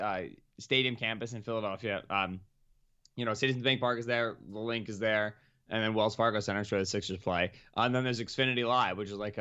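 A young man co-hosting a podcast, casually telling a self-mocking story that grows animated. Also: fairly low pitch, clear, resonant tone, dull audio. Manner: animated, self-mocking, rising to laughing exclamations. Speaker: podcast co-host.

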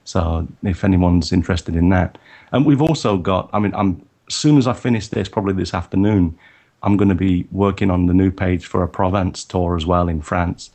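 A man's voice: deep voice, moderate pace, a little mellow. A man guesting on a photography podcast, talking casually about his upcoming tours with many restarts and fillers. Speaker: photography workshop leader, guest.

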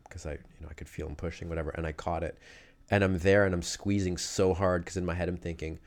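A man casually recounting his fighting days in a loose, animated way, full of fillers. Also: low-pitched, fast. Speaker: guest telling fight stories. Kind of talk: casual conversational storytelling.

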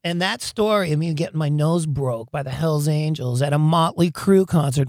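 A man guest in an interview, telling wild stories in an animated, excitable way, laughing often and acting out what people said. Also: fairly high pitch, normal speed, hardly any pauses, no room sound, studio quality. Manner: animated, excitable storyteller who laughs often and acts out quotes. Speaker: guest, rock singer. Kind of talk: storytelling interview.

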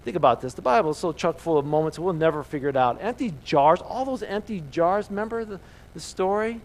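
A pastor preaches a sermon to his congregation at a church service, speaking emphatically and firing off repeated rhetorical questions. His voice is a little high and brisk, and the recording is rough.

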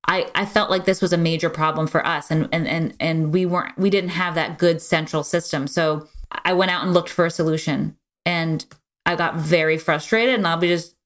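Frank, chatty woman with a low voice. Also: moderate pace. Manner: frank, energetic, many fillers like "like" and "you know". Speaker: podcast guest, business owner. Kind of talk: casual conversational storytelling.

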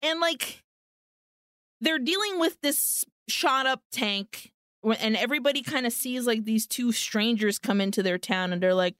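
Her voice is a little high, a bit bright, clear and resonant, and she speaks at normal speed. As a podcast co-host in a casual film recap chat, she retells the movie's plot with animation and acts out the characters' lines. The studio sound is clean, with no echo.

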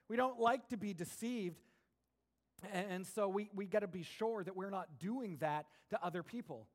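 A man with a high voice delivers a lively sermon to his congregation. He drops into soft, conversational asides, then climbs into loud, emphatic bursts as he drives a point home. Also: moderate pace. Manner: animated preaching, swings between soft asides and raised emphatic bursts. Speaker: pastor.

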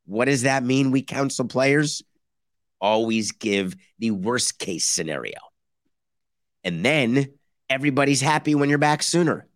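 Male podcast host, sarcastic and animated, dry close-mic sound. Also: medium pitch, measured pace, no echo. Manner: sarcastic, animated, mock-quoting others. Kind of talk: opinionated sports talk monologue.

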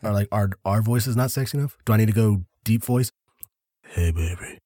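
Husky low-voiced joking male co-host. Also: steady tone, dark tone, dry recording, clean studio sound. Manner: joking, quick asides. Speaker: podcast co-host. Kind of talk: casual chat.

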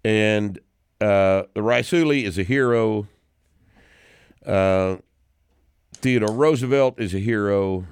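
Low-voiced man in his sixties, rambling. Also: takes it slowly, long pauses, clean tone, dry recording, studio quality. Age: 60s. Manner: rambling, restarts often, grows loud and indignant. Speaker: podcast host. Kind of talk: casual chat about movies.

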